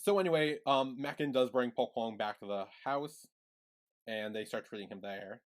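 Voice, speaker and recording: A man co-hosting a podcast, recapping the plot in a relaxed way with many "like"s and quoted lines. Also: medium pitch, moderate pace. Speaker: podcast co-host. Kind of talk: casual recap chat.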